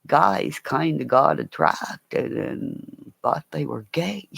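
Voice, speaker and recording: Slow, gravelly-voiced woman rambling on a stream. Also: low-pitched, lively intonation, no room sound. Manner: rambling, profane, slips into mimicking voices. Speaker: live-stream host. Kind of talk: rambling live-stream storytelling.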